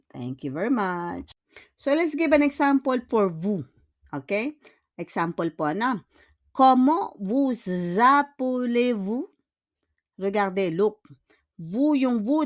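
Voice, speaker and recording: A woman leads a French grammar lesson at an unhurried pace. She says key words several times and keeps checking that her students follow, in a voice of middle pitch. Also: darkish tone. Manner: patient, repeats words and checks with "okay?". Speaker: French teacher.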